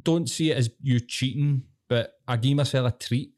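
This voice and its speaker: A man's voice: medium pitch, normal speed, a little mellow. A Scottish man co-hosting a podcast, chatting in an easygoing way, giving advice and swearing casually. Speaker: podcast co-host. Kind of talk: casual chat.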